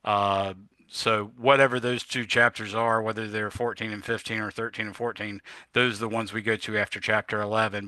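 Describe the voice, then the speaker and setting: A man's voice: mid-range voice, sharp tone, no room sound. A man teaching a physics class in a casual, rambling lecture style, often correcting himself and using filler words. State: yawning, a bit tired. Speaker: physics instructor.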